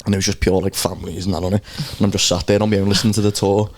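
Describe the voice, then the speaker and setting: A man's voice: sits low, flat delivery, rapid-fire. A young man co-hosting a podcast, telling a story in a rambling, laid-back way with plenty of fillers. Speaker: podcast co-host. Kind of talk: casual chat.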